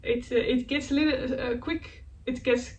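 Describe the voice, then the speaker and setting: A woman hosting her knitting podcast, chatting casually and hesitantly, often searching for words and laughing softly at herself. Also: high voice, steady tone, moderate pace. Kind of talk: casual show-and-tell chat. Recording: faint background noise, voice a bit distant from the mic.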